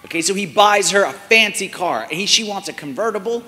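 A man's voice: sits high, expressive, fairly quick, pushed and bright, big-room sound. A man preaching a sermon in a church, asking the congregation many rhetorical questions and repeating phrases for emphasis.

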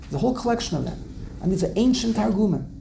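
A man's voice: sits high, big pitch swings, fast, gravelly, mellow, a little hiss or hum. A man teaching a casual Torah class to a small group, digressive, often repeating himself and restarting sentences.

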